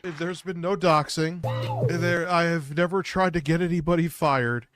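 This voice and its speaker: A man's voice: a little high, fairly even intonation, a little slow, a bit bright, faint music behind. A man making casual remarks, sounding exasperated. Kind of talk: casual commentary.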